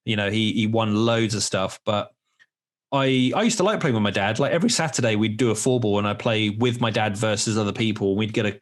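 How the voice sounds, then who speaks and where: A man's voice: lowish voice, fairly quick. A man in his forties hosting a podcast, telling candid, rambling stories in casual chat with some swearing. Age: 40s. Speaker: podcast host.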